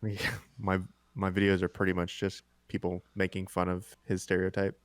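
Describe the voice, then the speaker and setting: A man's voice: deep voice, completely flat delivery, moderate pace, dry recording. A man co-hosting a podcast, rambling casually and hesitantly as he describes videos. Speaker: podcast co-host. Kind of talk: casual chat.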